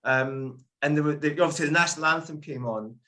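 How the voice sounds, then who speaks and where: A male co-host chats casually on a podcast, his voice sitting a little higher than most men's. He rambles a bit, with fillers and short laughs. The delivery is loose and conversational. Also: a little fast, pushed and bright. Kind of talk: casual chat.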